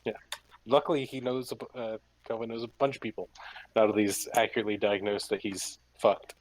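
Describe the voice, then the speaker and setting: A man's voice: lowish voice, brisk. A man playing in a tabletop game, chatting casually and joking with the table. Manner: joking, relaxed banter. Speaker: player.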